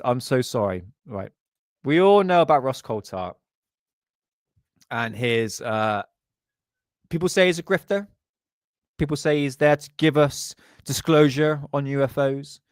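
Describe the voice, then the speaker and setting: A man hosting a live stream, chatting loosely over the clips with sarcastic, jokey asides. His voice sits at a mid pitch and sounds very dry and close, with no room echo. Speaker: livestream host. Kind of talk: casual live commentary.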